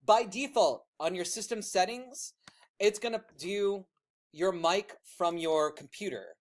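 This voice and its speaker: A high-voiced man guides a classroom of students through a software tool. He projects loudly like a teacher yet stays loose and chatty, with plenty of fillers and quick asides.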